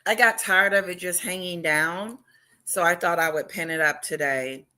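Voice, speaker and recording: A woman hosting a casual livestream chat, talking loudly and excitedly and greeting viewers by name. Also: on the low side, moderate pace. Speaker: livestream host.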